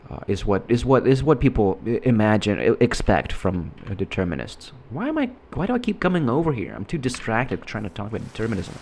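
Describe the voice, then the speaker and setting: A man giving casual, rambling commentary while playing a game, halting and restarting his sentences often. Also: fairly low pitch, very animated, vocal fry, darkish tone. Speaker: gameplay commentator.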